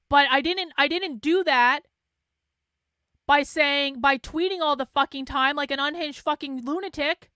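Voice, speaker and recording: Woman, clear high voice, dry close sound, blunt exasperated rant, casual swearing. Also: moderate pace, dry recording. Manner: mocks others in flat mimicking asides. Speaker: online commentator host. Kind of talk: casual monologue.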